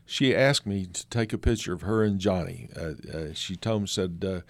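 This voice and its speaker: With a low voice at normal speed, an older man who works as a photographer shares homespun stories as a guest, using many fillers. No room sound is audible.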